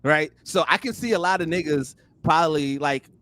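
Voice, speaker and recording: A young man in casual podcast chat, animated and full of fillers, often circling back with "here's the thing.". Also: fairly high pitch, normal speed, a little hiss or hum. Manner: animated, repeats "here's the thing" and "you know what I'm saying". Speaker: podcast guest.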